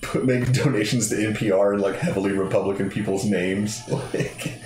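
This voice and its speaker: A man chatting casually at a tabletop game, rambling and animated as he tells stories. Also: fairly low pitch, moderate pace. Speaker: player. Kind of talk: casual table chat and play. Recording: echoey room with music behind.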